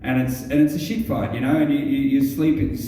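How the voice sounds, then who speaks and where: An Australian stand-up comedian tells a rambling story, halting often with ums and restarts and swearing freely. His medium-pitched voice is steady and warm. The mic sits far away in a very echoey room.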